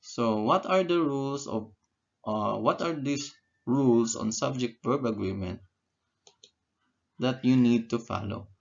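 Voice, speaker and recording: A man's voice: medium pitch, a little slow, vocal fry, pauses often, dull audio. A man teaching an English grammar lesson, who asks questions and answers them himself and repeats key words. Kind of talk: slow, deliberate grammar lesson.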